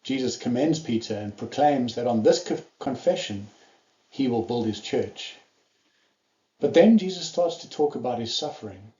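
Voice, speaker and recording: A man's voice: medium pitch, lively intonation, moderate pace, warm tone, echoey room, muffled recording. A man preaching a sermon, telling the story earnestly and acting out the quoted lines.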